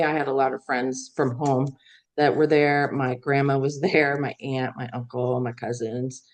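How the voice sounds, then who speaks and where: A middle-aged woman from Iowa with a notably low voice. She talks casually in an interview, rambling through her story with fillers and light laughs. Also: darkish tone. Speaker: guest, veteran news executive.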